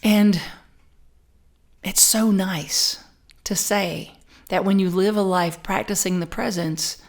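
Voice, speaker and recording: Middle-aged woman preacher; animated anecdotal sermon delivery, stumbles and restarts, mid-range voice. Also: mid-range voice, slow. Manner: animated personal storytelling with many repeats and restarts. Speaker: spiritual community minister.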